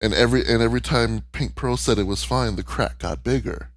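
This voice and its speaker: A man's voice: mid-range voice, a little fast, dry recording. A man co-hosting a podcast, talking candidly and emotionally in casual chat, swearing freely. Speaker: podcast co-host. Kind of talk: casual chat recapping a cartoon.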